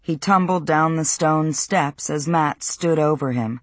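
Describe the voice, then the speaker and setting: A man narrating a novel in a measured, even storytelling voice. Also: fairly high pitch, no echo. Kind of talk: audiobook narration.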